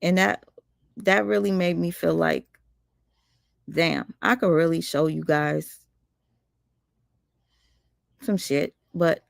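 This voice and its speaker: A woman's voice: fairly low pitch, slow, vocal fry, pauses often, no room sound, studio quality. Indignant woman venting on a livestream. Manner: animated, indignant, addresses viewers directly. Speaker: livestream host. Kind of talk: casual livestream storytime.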